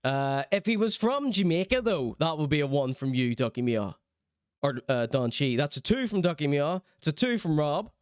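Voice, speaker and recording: A young Northern Irish man hosting a stream, with a fairly high, smooth and crisp voice. He reads chat aloud and reacts in a sardonic, mock-outraged tone. The sound is close and dry, with no room echo. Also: very animated, moderate pace. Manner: wry, sardonic, mock-indignant. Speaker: streamer and show host. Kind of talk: live-stream commentary, reading out chat.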